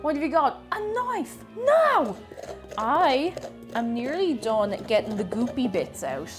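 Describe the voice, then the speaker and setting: Brief: woman streamer, slightly high voice, chatty, playful, greets chat by name, soft music in the background. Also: very animated, slow. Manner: playful, repeats phrases for fun. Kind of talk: casual live-stream chat.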